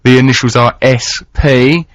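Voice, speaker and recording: A man's voice: medium pitch, fairly even intonation, measured pace, dry recording. A man with an Essex accent hosting casual radio chat, playful and theatrical, sometimes slipping into put-on voices. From England. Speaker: radio host. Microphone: studio mic. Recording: dry, dull lo-fi radio broadcast.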